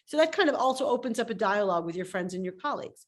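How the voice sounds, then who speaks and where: A woman's voice: mid-range voice, very fast. A woman coach speaking emphatically as a guest on a video call interview, telling stories with lots of energy. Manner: animated, emphatic storytelling. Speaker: startup coach.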